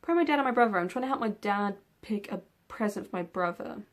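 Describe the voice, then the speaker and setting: A woman's voice: medium pitch, animated, fast. Chatty young woman vlogging, rambling. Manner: rambling, with many ums and yawns. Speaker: book vlogger. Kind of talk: casual tag video chat.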